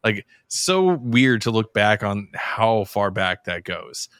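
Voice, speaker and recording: A man's voice: slow, no room sound, clean studio sound. A man co-hosting a podcast, chatting casually and rambling with many restarts. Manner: rambling, restarts, goes high when excited. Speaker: podcast co-host. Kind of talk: casual chat.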